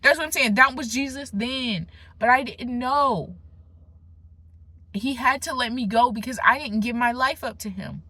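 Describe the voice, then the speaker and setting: Animated young woman giving a testimony. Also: unhurried, slightly rough, dry recording. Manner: emphatic, conversational, with slangy asides and restarts; swings between animated bursts and hushed, low moments. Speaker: faith vlogger. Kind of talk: casual spoken testimony.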